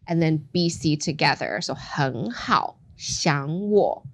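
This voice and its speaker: A woman teaching a casual language lesson, playful, modeling phrases slowly and clearly. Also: low-pitched, lively intonation.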